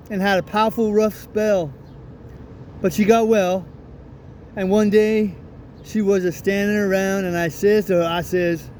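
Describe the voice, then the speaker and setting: A man reading an audiobook brings to life Jim, a remorseful father recounting a painful memory in a thick Southern US drawl. The voice sits rather high and moves slowly and deliberately. A faint hum of noise lies beneath the reading. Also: a little mellow. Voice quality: heavy rural dialect, drawn-out storytelling.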